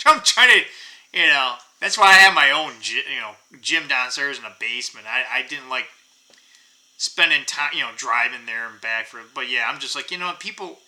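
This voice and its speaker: Bright-voiced man ranting casually. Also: medium pitch, normal speed, poor audio. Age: middle-aged. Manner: rambling, profane, frequent fillers. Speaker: channel host. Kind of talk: casual rant to camera.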